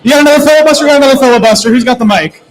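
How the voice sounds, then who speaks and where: A man's voice: very high voice, rapid-fire, poor audio. A man co-hosting a live prematch soccer show, reading out the lineup with energy and talking up the team. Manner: energetic, hypes up names and lineups. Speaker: podcast co-host reading the lineup.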